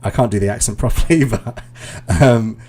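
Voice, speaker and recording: A British man, an IELTS teacher, giving relaxed, explanatory feedback in a live online class, with plenty of ums and uhs. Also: mid-range voice, normal speed, slight background noise.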